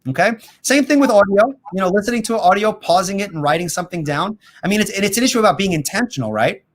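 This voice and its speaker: Man, higher voice, animated, fillers, casual livestream host. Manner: animated, quick, laughs easily, many fillers. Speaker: host and apologetics teacher.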